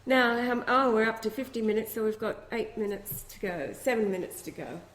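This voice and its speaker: A woman's voice: on the high side, fairly quick. A woman co-hosting a talk show in casual chat, prompting her guest with questions. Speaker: radio show co-host. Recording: echoey room.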